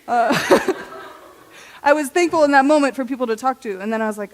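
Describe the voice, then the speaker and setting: Chatty young woman with a high voice. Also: animated, fairly quick. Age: young adult. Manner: chatty and self-deprecating, laughs often, many "like"s. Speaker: junior high intern giving a talk. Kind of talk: personal testimony at a youth service. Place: church service hall.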